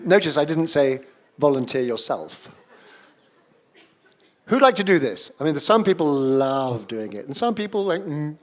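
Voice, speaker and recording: A man's voice: a little high, moderate pace. A man leading an improvisation exercise in front of a live audience, coaxing people and calling out to them. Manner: energetic, coaxing, calls out to the audience. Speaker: workshop leader. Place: seminar room with a live audience.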